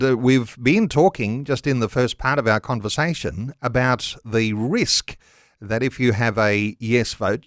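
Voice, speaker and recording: A man hosting a talkback radio show, smooth and conversational as he steers the discussion. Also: medium pitch, a bit bright, dry recording, studio quality.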